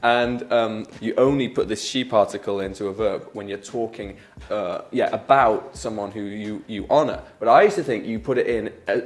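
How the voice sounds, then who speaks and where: A man with a British accent co-hosting a casual chat in an office, chatty and quick to laugh. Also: lowish voice. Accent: British English. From Britain. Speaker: co-host.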